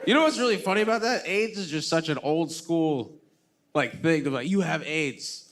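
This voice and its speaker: A man doing a stand-up comedy set on stage, animated and rambling, with many false starts. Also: a little high, moderate pace. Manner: animated, jumps into exaggerated voices for quoted people.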